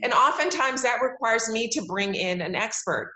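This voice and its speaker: Being interviewed casually, this TV judge in her forties sounds upbeat and emphatic and laughs a lot. Her slightly high voice is pushed and bright at a normal speed, recorded with roomy echo.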